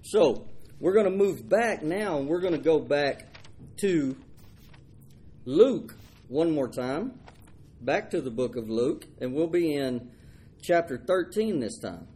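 A man's voice: on the high side, expressive, slow pace, long pauses, warm tone, slightly rough. A man preaching a folksy sermon. He stumbles over and repeats his words and acts out the people in the story.

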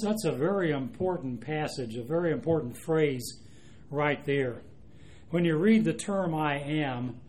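A man preaching a sermon, speaking emphatically and slowing down to stress quoted scripture. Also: fairly high pitch, darkish tone.

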